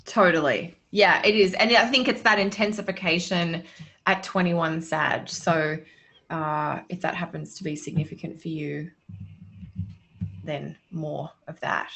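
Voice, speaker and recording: Female astrologer, slightly low pitch, bright edge, enthusiastic. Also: fairly even intonation, measured pace, creaky. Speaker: astrologer guest. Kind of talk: casual chat.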